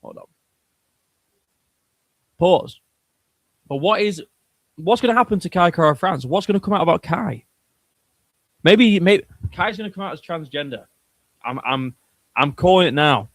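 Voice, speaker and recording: A man hosts a casual livestream. He jokes crudely and rambles from one thought to the next. His voice sits a little high, and the recording is dry with no room echo. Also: animated, unhurried, pauses often. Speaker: streamer host.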